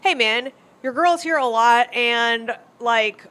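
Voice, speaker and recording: A woman's voice: a little high, takes it slowly, pushed and bright. A woman co-hosting a casual comedy podcast, blunt and profane as she mock-scolds her co-host.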